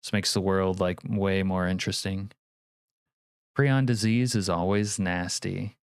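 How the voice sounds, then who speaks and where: A man's voice: low voice, fairly even intonation, measured pace, smooth, no room sound, studio quality. Joking, cursing man streaming a game. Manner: profane, jokey, reads chat aloud. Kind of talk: casual live-stream commentary.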